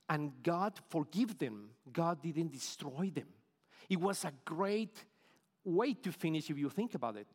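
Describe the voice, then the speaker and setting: Earnest middle-aged Colombian preacher, echoing hall. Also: male voice, on the high side, animated, unhurried, husky. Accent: Colombian Spanish. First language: Spanish. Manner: earnest, repeats words while searching for phrasing. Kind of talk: sermon. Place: church sanctuary.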